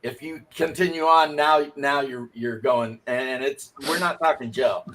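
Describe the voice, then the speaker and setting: Stammering storyteller, male, mid-pitched, loose casual delivery. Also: a little slow, a bit bright. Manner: rambling storyteller with stammered restarts. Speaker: livestream co-host. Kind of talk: casual chat.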